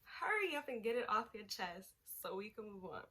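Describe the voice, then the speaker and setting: A woman's voice: medium pitch, normal speed, breathy edge. A young woman vlogger, telling a dramatic story in a casual way and acting out the people in it. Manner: animated, dramatic retelling with quoted voices.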